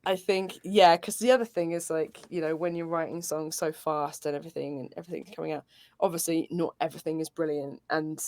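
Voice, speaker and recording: A woman from the UK, a singer-songwriter chatting casually as a guest, talking quickly and rambling with lots of "like" and "you know". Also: deep voice, steady tone, a little mellow. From United Kingdom. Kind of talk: casual chat.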